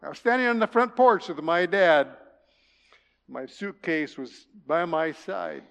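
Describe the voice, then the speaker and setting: Older male pastor, high-pitched, storytelling sermon, reverberant hall. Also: big pitch swings, unhurried, creaky, smooth. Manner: folksy storytelling with jokes, drops to a soft hush. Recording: long reverb of a large hall.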